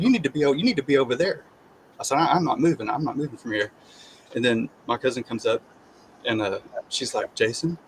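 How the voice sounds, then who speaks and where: A man's voice: mid-range voice, a little fast, slight background noise, rough recording. A man, a guest sharing his testimony, tells a personal story in casual conversation, acting out the voices he quotes. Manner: animated, acts out quoted voices, repeats and restarts.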